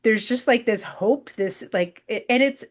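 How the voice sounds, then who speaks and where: A woman's voice: a little high, measured pace. A woman hosting a spiritual energy reading, talking in a searching, hesitant way with many fillers and restarts. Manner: giggles softly now and then. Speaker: intuitive reader, host.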